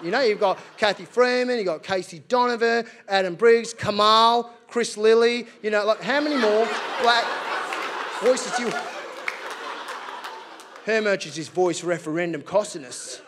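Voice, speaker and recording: An Australian man performing a stand-up comedy set to a live theatre audience, lively and mocking, slipping in and out of voices. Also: sits high, brisk. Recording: live theatre set with faint background noise.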